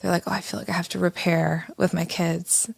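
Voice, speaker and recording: A woman in her thirties co-hosting a podcast, telling a candid story in an animated way. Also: lowish voice, fairly quick, gravelly, breathy edge, dry recording. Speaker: podcast co-host. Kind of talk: casual conversational podcast.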